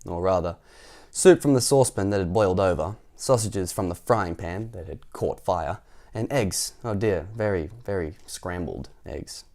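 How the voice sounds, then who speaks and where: A man's voice: low voice, normal speed, a little mellow. A young man hosting a children's storytime, reading a storybook aloud with chuckling asides between passages. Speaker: storytime host.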